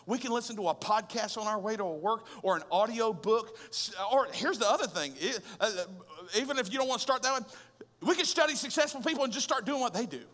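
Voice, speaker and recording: A man preaching a sermon as pastor, conversational and animated, with rhetorical questions and humor. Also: very high-pitched, a little fast. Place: large church auditorium. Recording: long hall reverb.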